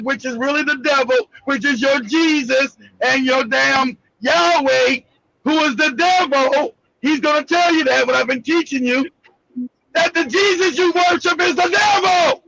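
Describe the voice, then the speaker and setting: Gravelly high-voiced American man preaching. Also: moderate pace, bright, forceful tone, dull audio. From United States. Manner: emphatic, preachy, repeats himself. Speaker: host. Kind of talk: casual call-in chat.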